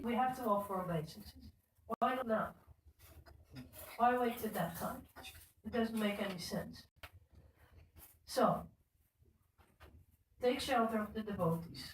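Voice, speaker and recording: A middle-aged woman giving an informal devotional talk at a temple and speaking to listeners by name. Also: mid-range voice. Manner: conversational, addresses listeners by name. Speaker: speaker at a temple Sunday program. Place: temple hall. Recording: echoey room, speaker far from mic, faint noise.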